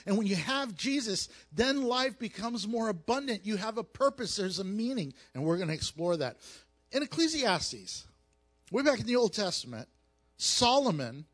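A man preaching as a pastor, mixing scripture with jokes and animated storytelling. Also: sits high, normal speed, husky. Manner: animated, jokey storytelling with acted asides. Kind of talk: sermon with humor.

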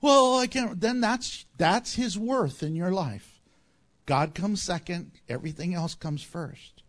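Slow, high-voiced preaching man. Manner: preaching with wide swings between loud and hushed. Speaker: pastor. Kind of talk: sermon.

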